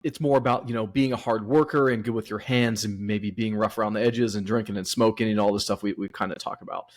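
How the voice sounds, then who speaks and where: A man's voice: fairly low pitch, fairly even intonation, fast talker. A man hosting a writers' podcast, asking thoughtful, reflective questions. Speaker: podcast host. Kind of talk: interview questions.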